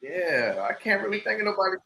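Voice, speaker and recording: A man co-hosting a casual podcast chat, slow and thinking aloud as he puts questions to the guest. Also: high-pitched, big pitch swings, gravelly, crowd noise. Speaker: podcast co-host. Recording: echoey room, faint background noise.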